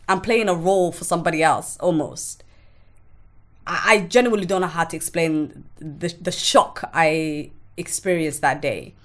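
A woman guest on a podcast telling her own story in a frank, emotional way, swearing freely and often stopping to restart her sentences. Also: lowish voice. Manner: halting, with restarts. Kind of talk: candid personal storytelling.

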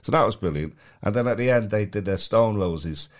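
Mancunian male podcast co-host, very low voice, rambling stop-start casual delivery. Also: lively intonation, fairly quick. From Manchester. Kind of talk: casual chat.

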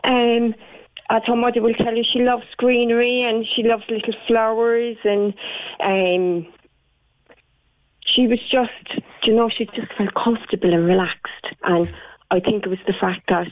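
A woman's voice: a little high, fairly even intonation, unhurried. Irish woman florist on a tinny phone line. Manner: chatty, warm storytelling with many fillers. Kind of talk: casual radio phone interview. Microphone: telephone.

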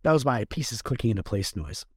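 A playful co-host recaps a book with jokes and asides. The voice swoops widely in pitch from a middle base. It is recorded dry and close to the mic. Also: big pitch swings, brisk, husky, no echo. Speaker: podcast co-host. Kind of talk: casual book podcast chat.

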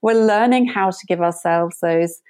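A woman meditation teacher, a guest in an interview, telling a story in a gentle and reflective way. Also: lowish voice, moderate pace, clear, resonant tone.

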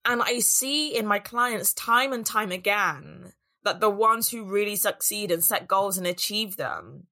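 A woman's voice: mid-range voice, animated, a little slow, hardly any pauses, pushed and bright. A woman business coach giving an earnest, reflective solo talk on self-worth and voicing the doubts in people's heads.

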